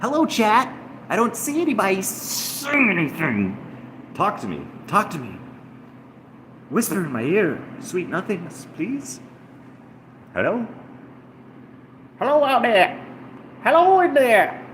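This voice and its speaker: A man on a livestream putting on a high, drawn-out sing-song voice to call out to his chat. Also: big pitch swings, noisy background, full character voice. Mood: crooning.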